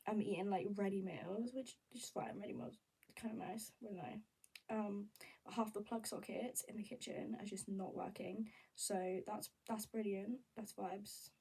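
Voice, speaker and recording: A young woman vlogging in a candid, rambling, animated casual chat. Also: mid-range voice, unhurried, vocal fry, slightly rough, far from the mic, low-quality recording. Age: young adult.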